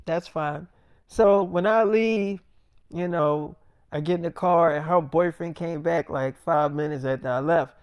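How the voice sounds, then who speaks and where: A man's voice: fairly high pitch, unhurried, clear, resonant tone, dry recording. A young man telling a rambling freestyle story in a casual way, repeating the same fillers. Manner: rambling, repeats "I'm like, she's like".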